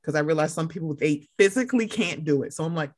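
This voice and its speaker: A young woman co-hosting a casual chat, animated and swearing, acting out other people in loud high voices. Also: quick pace. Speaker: podcast co-host.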